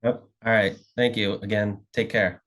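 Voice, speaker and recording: A man's voice: on the low side, flat delivery, moderate pace, a bit bright. A man interviewing a guest over a video call, easygoing and hesitant, with many "uh"s and "um"s. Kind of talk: casual interview chat.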